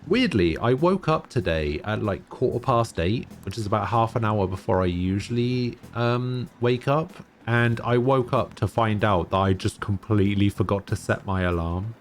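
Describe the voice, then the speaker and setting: A man's voice: on the low side, lively intonation, normal speed, few pauses, slight background noise. A man streaming a game, chatting in a rambling, casual way while yawning and tired. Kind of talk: casual gameplay commentary.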